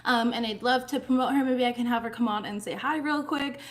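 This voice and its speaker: High-pitched woman, young adult, tarot reader, casual chatty delivery, swears freely. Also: a little fast. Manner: chatty, profane, laughs often.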